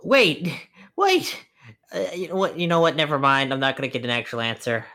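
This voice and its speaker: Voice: mid-range voice, rapid-fire, bright, forceful tone, smooth. A tabletop role-play player who reacts with incredulous questions and often trails off.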